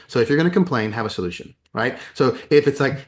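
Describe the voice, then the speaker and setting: A man's voice: mid-range voice, lively intonation, quick pace. A man talking as a guest in a conversational interview, emphatic and often repeating words as he builds his points. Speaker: podcast guest, educator.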